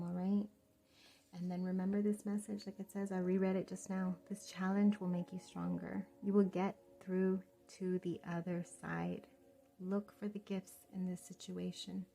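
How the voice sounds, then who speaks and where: A woman giving a pick-a-card tarot reading straight to the viewer, gentle and reassuring, calling them "love". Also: on the low side, level tone, normal speed, gravelly. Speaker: tarot reader.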